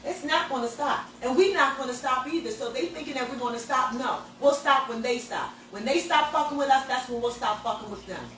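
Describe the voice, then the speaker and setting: Fed up woman cohost cussing, highish voice, super echoey room, far from the mic. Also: fairly quick, hardly any pauses, a bit bright, slight background noise. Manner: emphatic, profane, fed up. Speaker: podcast co-host. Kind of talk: angry outspoken rant.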